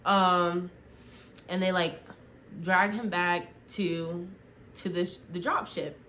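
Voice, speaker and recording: A woman's voice: on the low side, fairly even intonation, a bit bright, a little hiss or hum. Rambling young woman recapping a show. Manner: rambling, full of "like" and quick acted-out quotes. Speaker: vlogger. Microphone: phone.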